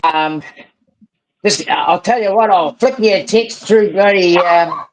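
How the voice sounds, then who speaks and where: His voice is high-pitched and a little slow, with a slight hiss or hum on the audio. As a guest in a live voice chat, the man, whose accent mixes New Zealand and Australian, rambles heatedly, swears frequently and trails off into fillers.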